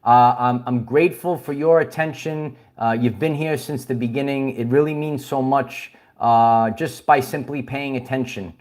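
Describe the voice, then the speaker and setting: A man's voice: medium pitch, fairly even intonation, moderate pace, hardly any pauses, a little mellow. A man hosting a casual spiritual livestream, rambling with many restarts and chuckles while he greets viewers and reads their comments. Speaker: livestream host.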